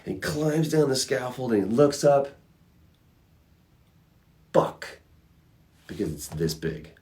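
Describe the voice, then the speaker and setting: A man hosting a casual livestream, answering fan questions with reflective advice and animated storytelling. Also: mid-range voice, normal speed. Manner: animated storyteller acting out characters.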